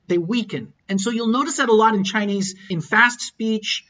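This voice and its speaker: Bright-voiced man teaching tones, lo-fi. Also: sits high. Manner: explains, then repeats example phrases slowly and clearly. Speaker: language teacher. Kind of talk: online pronunciation lesson.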